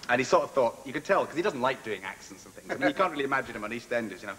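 A man, a guest impressionist, chatting animatedly on a talk show and slipping into quick mimicry. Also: medium pitch, sing-song, slight background noise. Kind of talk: chat show banter. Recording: TV studio with reverb and loud audience.

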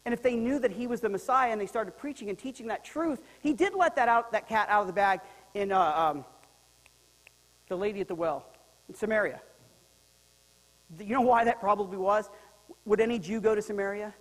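A male pastor preaching a sermon in a lively, joking way, swinging between loud and quiet. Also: sits high, fairly quick, long pauses, long reverb tail, rough recording. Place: church sanctuary.

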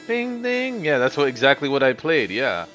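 Casting: male streamer, middle pitch, foul-mouthed and ranting at chat, quiet music bed underneath. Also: huge pitch swings, moderate pace. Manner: profane, ranting, talks to chat. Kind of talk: live gameplay commentary.

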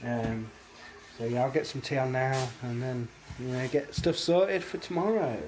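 A man's voice: mid-range voice, moderate pace, darkish tone, slight background noise. A British man vlogging casually at home on a handheld phone, rambling with lots of fillers and restarts. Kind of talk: casual daily vlog chat. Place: at home, indoors.

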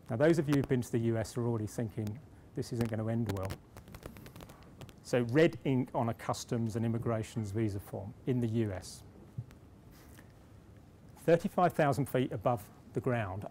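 A man's voice: mid-range voice, a little mellow, slight background noise. A middle-aged British man speaking at a conference, telling a self-deprecating story with restarts before turning to his point. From Britain. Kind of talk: conference speech with anecdote. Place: conference hall.

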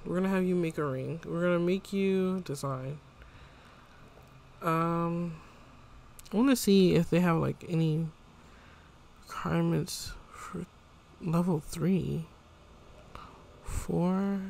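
A man's voice: on the high side, slow pace, creaky, pauses often, darkish tone, a little hiss or hum. A man casually commenting on a life-sim game as he plays, chatting to the characters and his viewers. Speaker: gameplay vlogger.

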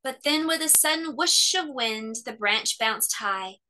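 A woman hosting children's story time, reading a picture book aloud with expressive, animated storytelling. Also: high voice, a little slow, slight background noise.

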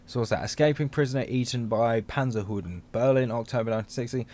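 A man's voice: mid-range voice, darkish tone. A man giving chatty, rambling let's-play commentary as a gaming channel host, joking and laughing often.

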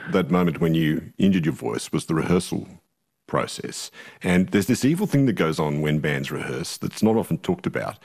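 A male host with a deep baritone voice and a slightly husky edge. He talks with enthusiasm, and his pitch moves up and down widely. He leads an interview conversation. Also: normal speed. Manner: lively, enthusiastic. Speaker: radio host.

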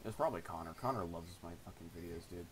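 A late-teen guy streams a game, talking fast in a low-pitched voice and trash-talking his friend with constant swearing. The chat is casual and crude, and the low-quality recording carries some hiss or hum.

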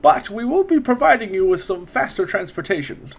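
A man's voice: high voice, big pitch swings, a little fast, vocal fry, slight background noise, pitched above the performer's own voice, exaggerated voice. A man voicing a scholarly, courteous older wizard who speaks in formal, old-fashioned phrases.

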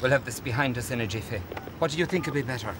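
A man's voice: mid-range voice, rapid-fire, natural voice. An actor with an Irish accent playing a cheeky man who poses as a girl's father and fumbles his story. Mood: jaunty. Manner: jaunty, fumbling. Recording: noisy background.

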